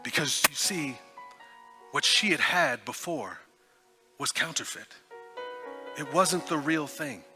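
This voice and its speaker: A man from Texas preaching with a very bright, forceful tone and soft music playing behind him. He talks with frequent stammered restarts and sinks into a hushed voice when the story turns tender. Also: on the high side, lively intonation, slow pace, pauses often. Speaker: guest preacher. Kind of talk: sermon.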